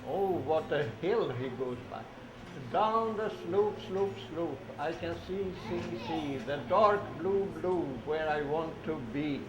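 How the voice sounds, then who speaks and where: High-voiced man reading train books to kids. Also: slow pace. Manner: sing-song, repeats words, prompts kids to say sounds along. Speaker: storybook reader for children. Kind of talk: reading children's train picture books aloud. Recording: echoey room, dull lo-fi sound with noise.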